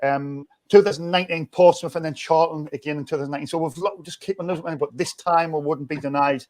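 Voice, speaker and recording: A man's voice: fairly high pitch, fairly even intonation, fast talker, darkish tone. Upbeat rambling man. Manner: rambling, restarts often, upbeat. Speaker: fan channel host. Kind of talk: casual fan chat.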